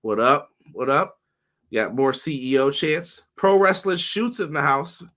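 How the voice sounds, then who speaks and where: A man hosting a casual wrestling podcast livestream, upbeat and greeting viewers by name, his voice slightly hoarse. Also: fairly high pitch, a little slow, a bit bright. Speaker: podcast host.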